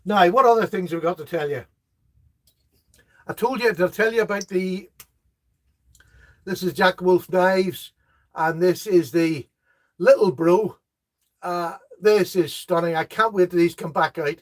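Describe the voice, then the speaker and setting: A chatty middle-aged man with a high voice for a man, hosting a relaxed live stream. He reads viewer comments aloud, laughs easily at their jokes and chats on in a friendly, rambling way. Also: unhurried, long pauses. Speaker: host of a live knife chat. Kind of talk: casual live-stream chat.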